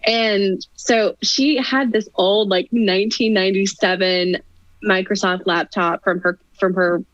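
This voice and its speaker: A woman's voice: mid-range voice, steady tone, unhurried, a bit bright, no room sound. Chatty young woman, dull dry sound. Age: 20s. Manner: chatty, laughs often, self-deprecating asides. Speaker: podcast guest. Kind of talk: casual chat.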